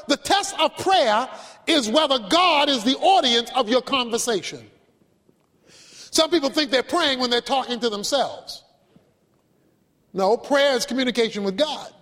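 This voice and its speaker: A man delivers a sermon with strong emphasis, slowing for dramatic pauses and telling stories to make his points. His voice sits very high for a man. The sound carries a long reverb, as in a large hall. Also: fairly bright tone. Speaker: pastor.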